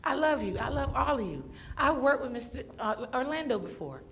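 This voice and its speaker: A woman speaks into a podium microphone in a council chamber, pleading and repeating herself. Her voice sits a little high. A faint low rumble runs underneath. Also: sing-song, normal speed, a bit bright. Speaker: public commenter. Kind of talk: emotional public comment.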